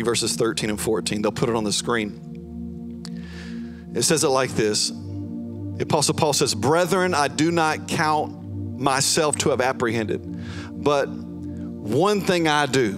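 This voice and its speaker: A man's voice: medium pitch, a bit bright. A male pastor preaching a sermon, telling a story and then building to a fervent call to move forward. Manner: storytelling, rising to fervent exhortation. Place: church sanctuary.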